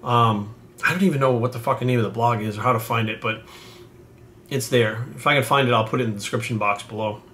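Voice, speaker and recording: A man in his forties talks to the camera like a coach recalling a mentor. His storytelling is loose and rambling, salted with swearing, and earnest underneath. His pitch sits in the ordinary middle range for a man. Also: fast, fairly bright tone, a little hiss or hum. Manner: profane, rambling, heartfelt. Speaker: bodybuilding coach.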